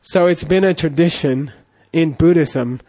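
Chatty man teaching, fairly high voice. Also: a little slow, warm tone. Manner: chatty and digressive, with constant "you know" and "okay?" check-ins. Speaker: Buddhist teacher. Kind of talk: casual dharma talk with anecdotes.

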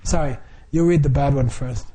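A man's voice: medium pitch, moderate pace, dark tone. A middle-aged man leading a Buddhist group, explaining the practice informally with frequent chuckles, fillers and restarts.

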